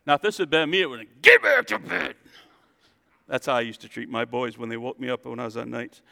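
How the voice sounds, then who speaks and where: A male pastor giving a jokey, animated sermon in a church, acting out the story as he goes. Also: medium pitch, very fast, gravelly, big-room sound.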